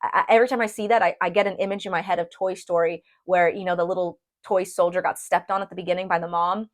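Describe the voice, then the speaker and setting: A woman's voice: lowish voice, fairly quick. Chatty woman doing a tarot reading. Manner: chatty and animated, addresses viewers as "you guys", frequent "okay?". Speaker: tarot reader. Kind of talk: casual tarot reading to camera.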